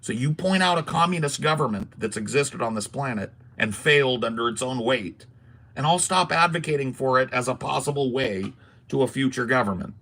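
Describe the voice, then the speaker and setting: A man's voice: mid-range voice, brisk, creaky, bright, forceful tone. A man hosting a casual podcast, talking emphatically in a ranting, swearing style. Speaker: podcast host. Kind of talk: casual political podcast talk.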